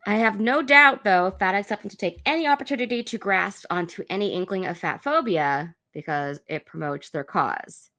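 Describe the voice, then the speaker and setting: A woman's voice: medium pitch, moderate pace, few pauses, bright, forceful tone. A woman hosting a reaction video, giving blunt, sarcastic commentary on clips.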